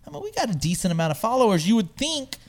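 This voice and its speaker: An animated man telling a story in casual chat, swearing freely as he goes. His voice sits fairly high and swoops up and down a lot. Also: racing. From lives in San Antonio.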